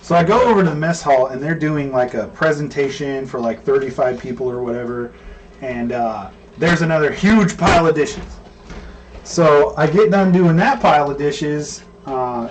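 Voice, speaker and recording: Man, somewhat high voice, easygoing rambling storyteller, mic a bit far, faint room noise. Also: lo-fi sound. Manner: relaxed, rambling, many fillers. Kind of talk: casual storytelling.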